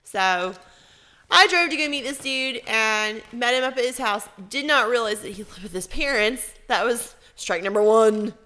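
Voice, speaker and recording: A woman co-hosting a podcast, telling a story in lively, profane casual chat. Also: on the high side, moderate pace. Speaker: podcast co-host.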